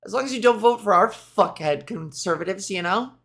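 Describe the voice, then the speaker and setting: On her solo podcast, this Canadian host launches into a casual rant that's profane, sarcastic and rambling. She speaks a little fast, her mid-range voice animated and a bit bright.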